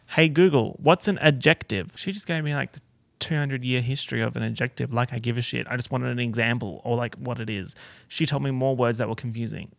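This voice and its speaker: An Australian man hosting a solo podcast, chatting in a camp, sassy, expressive way with big swings in pitch. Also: moderate pace, gravelly, dry recording. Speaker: podcast host. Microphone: podcast microphone.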